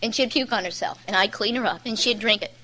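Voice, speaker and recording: Blunt, bright-voiced woman telling her story. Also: mid-range voice, fast, low-quality recording. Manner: candid, rambling storyteller, many "you know"s; plain-spoken and blunt. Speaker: recovery meeting speaker. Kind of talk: personal testimony at a recovery meeting.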